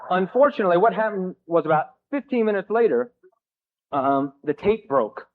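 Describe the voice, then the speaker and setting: Man from New Jersey with a slightly high voice, sharing his recovery story with a room in a halting, wisecracking way. Thin, phone-like tape. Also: animated, noisy background. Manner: halting, self-mocking, joking. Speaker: speaker at a recovery meeting. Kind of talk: personal recovery story told to a crowd.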